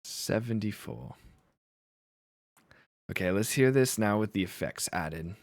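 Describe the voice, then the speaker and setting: A man's voice: lowish voice, lively intonation, slow, creaky, no echo, studio quality. A man hosting a livestream, chatting casually and laughing at himself as he talks about accents. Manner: chatty, laughing, self-deprecating. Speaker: livestream host. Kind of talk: casual chat with chat.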